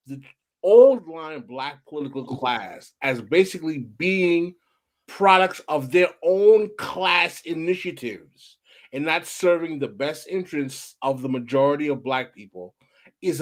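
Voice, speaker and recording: A man hosting an interview podcast, asking questions in an emphatic, provocative and animated way. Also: fairly high pitch, a little slow. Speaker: podcast host.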